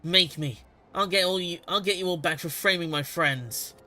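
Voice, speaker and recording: A man voicing a hot-tempered young male captive in a game, shouting defiantly. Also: fairly high pitch, animated, fairly quick, breathy edge, voice pushed up, exaggerated voice.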